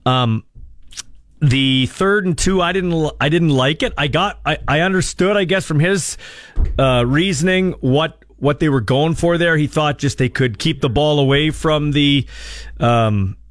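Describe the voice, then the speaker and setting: A man's voice: a little high, measured pace, no room sound. A man hosting a sports talk radio show, fired-up and opinionated, often breaking off his own sentences. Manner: fired-up, opinionated, self-interrupting.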